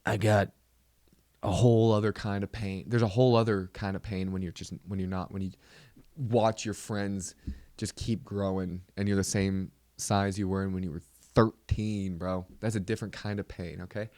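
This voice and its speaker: A man's voice: fairly low pitch, steady tone, moderate pace, a little mellow, dry recording. A man hosting a comedy podcast, ranting in a casual, exasperated and profane way that rambles along.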